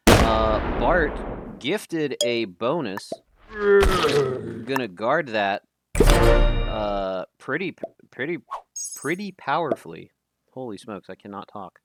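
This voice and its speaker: A tournament caster with a medium-pitched, sing-song voice talks slowly with long pauses over loud music and background noise. His live game stream commentary is casual and chatty, and he often fumbles names.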